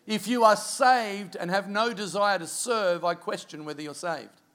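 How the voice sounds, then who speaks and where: In an unhurried, high voice, a middle-aged Australian pastor shares a personal story from the pulpit. He tells it animatedly, slipping in quiet asides.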